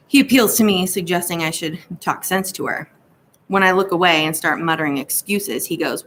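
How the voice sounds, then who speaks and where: A woman's voice: lowish voice, normal speed, a bit bright, a little hiss or hum. A woman reading an audiobook aloud, telling the story steadily in a first-person voice. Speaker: audiobook narrator. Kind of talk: scripted narration.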